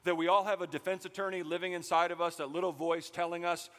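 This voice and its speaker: A man preaching a sermon as pastor, animated and joking as he tells stories to the congregation. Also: sits high, quick pace, in a large hall.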